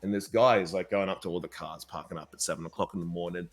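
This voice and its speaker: A man telling a story in casual chat, animated, swearing freely and often laughing. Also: low voice, quick pace.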